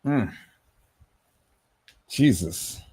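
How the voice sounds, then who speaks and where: Male livestream host, lowish voice, dry close sound, stammering, swings from agitated outbursts to soft trailing-off. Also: expressive, extremely slow, slightly rough, no room sound. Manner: stammering, repeats words, rising to agitated outbursts then trailing off softly. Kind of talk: emotional livestream commentary.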